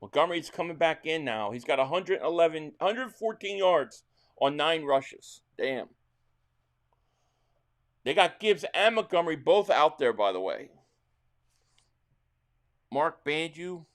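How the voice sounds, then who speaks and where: A slightly high-voiced middle-aged man from New Jersey hosts a relaxed football reaction stream, speaking at a measured pace and pausing often. Loose, meandering conversation with his chat gives way to bursts of thrilled play calling.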